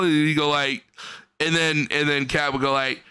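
A man's voice: fairly high pitch, flat delivery, moderate pace, sharp tone, clear, resonant tone, no echo. Crude mocking young male commentator. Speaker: stream commentator. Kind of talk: profane reaction commentary.

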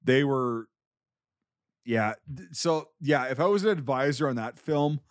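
A man's voice: mid-range voice, expressive, measured pace, smooth, no echo, studio quality. A man from Wisconsin, co-hosting a casual film podcast, ranting in mock anger and swearing heavily. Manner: loud, heavy swearing, mock-angry ranting. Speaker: podcast co-host.

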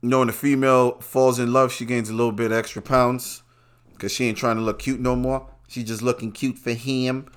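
A man's voice: medium pitch, flat delivery, brisk, smooth. Brash profane New man ranting. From Brooklyn, New York. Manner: brash, loud and rambling, swings between soft asides and shouts. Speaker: podcast host. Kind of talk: profane casual commentary monologue.

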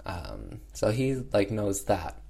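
A man's voice: lowish voice, wildly swooping pitch, slow pace, vocal fry, warm tone, breathy edge. Chatty man recapping a film. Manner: chatty, filler-heavy with frequent "um" and "like"; slangy, retells scenes by voicing characters offhandedly. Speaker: film reviewer.

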